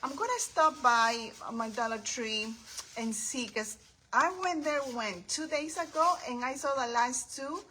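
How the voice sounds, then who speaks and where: A woman hosting a casual craft livestream from her home craft table, chatting warmly with viewers by name and calling them her friends. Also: sits high, measured pace, slight background noise, rough recording.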